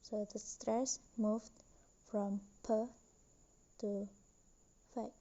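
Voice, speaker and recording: A young woman student slowly reading a class presentation with careful, deliberate delivery. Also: mid-range voice, little pitch movement, warm tone, highs cut off. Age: young adult.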